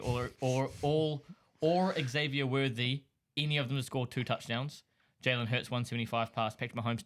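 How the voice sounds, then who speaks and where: A man's voice: mid-range voice, slight background noise. Laid-back man chatting about football. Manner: laid-back, rattles off lists flatly. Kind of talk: casual sports chat.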